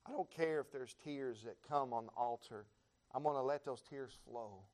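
An American man preaching a sermon in a church, building his repeated phrases up into fervent shouts while the congregation answers with amens. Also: medium pitch, normal speed. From United States. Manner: rising to fervent shouts, repetitive rhythmic phrasing.

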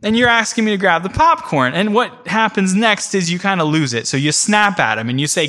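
Bright-voiced man preaching to a church class. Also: high voice, animated, brisk, hardly any pauses. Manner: vivid storytelling in the second person, addressing the room directly. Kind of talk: conversational teaching before a congregation.

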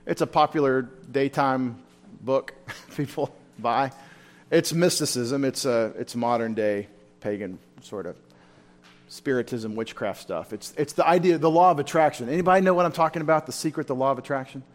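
A man's voice: mid-range voice, moderate pace. A man teaching a Bible study in a church, talking informally and asking his listeners questions. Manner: informal, asks the room questions.

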